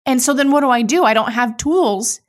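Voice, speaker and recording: A woman in her thirties hosting a podcast, talking candidly and emotionally in a raw, halting way with frequent restarts. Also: sits high. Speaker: podcast host. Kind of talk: candid solo podcast monologue.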